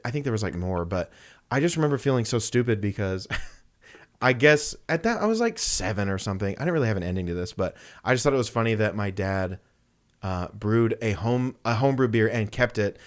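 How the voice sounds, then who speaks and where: A man's voice: lowish voice, brisk. A young man, casually telling stories on a podcast and acting out the voices of the people in them. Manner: animated, acts out voices in his anecdotes. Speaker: podcast co-host. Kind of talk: casual storytelling chat.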